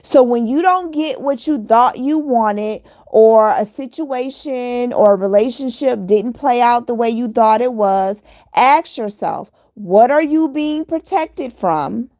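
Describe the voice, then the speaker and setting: A woman with a fairly high voice delivers a motivational monologue straight to her listeners. She speaks earnestly and hammers her points home by repeating them. The sound is dry and close, with no room echo. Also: slow pace, dark tone. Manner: earnest, repetitive, preachy exhortation. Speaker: motivational vlogger.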